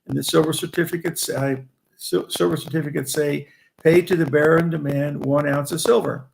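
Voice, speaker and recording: An older man in his eighties, originally from Indiana, recounts his early trading days in a loose, anecdotal way, often restarting phrases and chuckling as he goes. His voice is deeply gravelly and crackly, sitting a little high for a man. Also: steady tone, fairly quick. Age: 80s. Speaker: guest, veteran trader. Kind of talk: rambling anecdotal storytelling.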